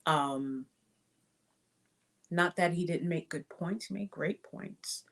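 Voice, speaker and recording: A woman with a low voice talks through her review of a film at an unhurried pace. She speaks casually and thinks aloud, with frequent fillers and restarts. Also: a bit bright. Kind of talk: casual spoken movie review.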